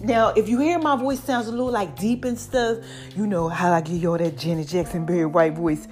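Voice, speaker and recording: A middle-aged woman in a casual motivational vlog, chatty and animated, repeating catchphrases, her voice a little deepened by allergies. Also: a little fast, soft background music. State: voice a bit deep from allergies. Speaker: online personality talking to followers.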